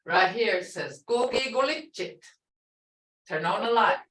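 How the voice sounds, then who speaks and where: A woman's voice: mid-range voice, animated, measured pace, a bit bright. An older woman teaching a language class, explaining phrases plainly with many examples and asides. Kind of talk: language lesson. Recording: roomy, from far off.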